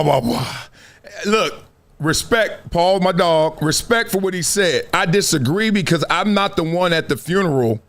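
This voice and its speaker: A middle-aged show host delivers an emphatic, preachy commentary monologue that builds with rising exhortations. His voice is a little high and somewhat bright.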